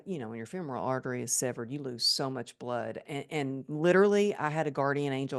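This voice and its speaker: A woman guest on a podcast, telling a personal story in an animated, emphatic way. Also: sits low. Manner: animated and emphatic, acts out remembered thoughts.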